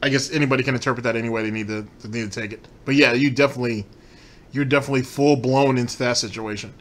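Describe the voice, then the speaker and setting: A man's voice: medium pitch, fairly even intonation, very fast, fairly bright tone. A man hosting a commentary show, ranting profanely and incredulously about a streamer's clips. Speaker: commentary host.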